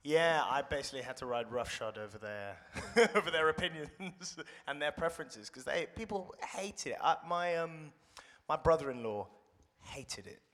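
A man's voice: on the high side, animated, moderate pace, a bit bright. A young British man chatting as a guest actor in an interview, thoughtful and self-deprecating, rambling with restarts. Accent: British English. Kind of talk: casual interview chat. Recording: reverberant room.

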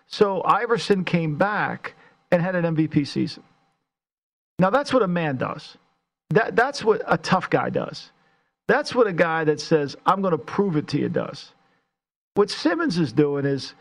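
A man co-hosting a sports talk radio show, his voice a touch higher than most men's. He talks casually but gets worked up, ranting and climbing in pitch as he makes his point. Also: unhurried. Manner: animated, ranting, rising in pitch when worked up.

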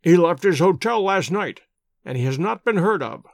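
Brief: male reader doing a calm, wry, courteous detective, lively delivery. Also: high voice, dry recording. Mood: probing. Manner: measured, courteous, gently ironic.

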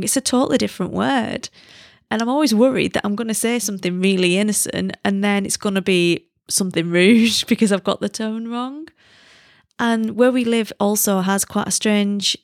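A woman's voice: medium pitch, creaky, no room sound, clean studio sound. A British woman hosting a podcast, chatting casually in a self-deprecating way and laughing at herself now and then. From Britain. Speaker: podcast host. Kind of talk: casual chat.

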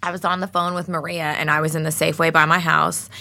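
Bright, lower-voiced woman telling stories. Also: level tone, quick pace, creaky. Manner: chatty, profane, self-mocking storytelling. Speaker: podcast co-host. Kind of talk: casual chat.

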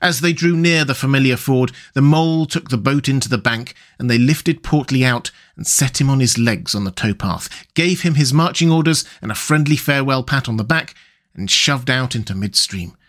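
A man reading a classic storybook aloud as narrator, calm, measured and gently expressive. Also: medium pitch.

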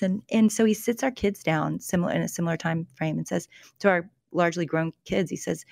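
A woman's voice: on the low side, fairly even intonation, brisk, vocal fry, darkish tone, no room sound, studio quality. A middle-aged woman, an author speaking as a guest in an interview. She talks in an earnest, storytelling way, with frequent restarts. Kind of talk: conversational interview about faith and emotions.

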